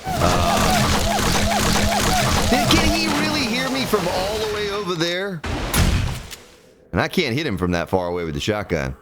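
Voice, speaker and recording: A man's voice: sits high, wildly swooping pitch, unhurried, long pauses. Folksy joking man streaming a game. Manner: folksy, joking, talks to chat by name. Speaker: let's play streamer. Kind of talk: casual gameplay commentary. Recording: game music behind the voice.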